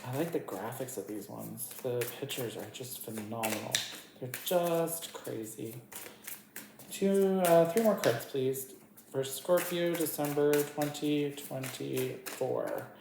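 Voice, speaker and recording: Low voiced lady doing a tarot reading, giggly and chatty, echoey room. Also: takes it slowly, creaky. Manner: chatty, giggly, talks to her cards. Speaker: tarot reader. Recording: echoey room with faint noise.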